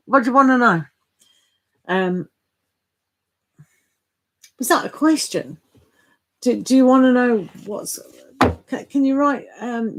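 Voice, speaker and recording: A woman's voice: fairly high pitch, background noise. Chatty woman tarot reader live-streaming. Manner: chatty, greets viewers by name, laughs often. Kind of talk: live-stream chat with viewers.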